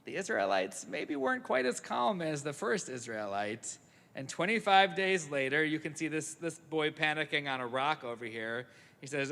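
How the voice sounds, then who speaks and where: A man's voice: fairly high pitch, animated, moderate pace, vocal fry, sharp tone. A man leading a family service, telling a story to a congregation with playful, jokey asides. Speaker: service leader. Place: synagogue sanctuary. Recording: echoey sanctuary, live broadcast.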